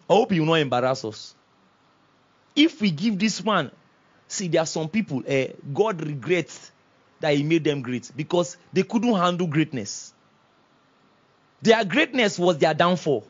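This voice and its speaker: A male pastor preaching a sermon, calling on the congregation to respond and rising to loud exclamations. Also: on the high side, dull audio.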